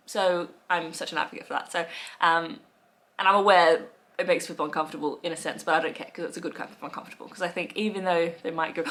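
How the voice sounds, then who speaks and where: A young Australian woman in casual chat to camera, playful and quick to laugh, acting out little quoted voices. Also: fairly low pitch, a bit bright. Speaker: vlogger.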